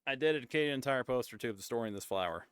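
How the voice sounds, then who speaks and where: A man streaming a casual chat, rambling and often cutting himself off mid-thought, sometimes dropping into soft, breathy asides. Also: mid-range voice, expressive, very fast, no echo, studio quality. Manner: rambling, self-interrupting and chatty.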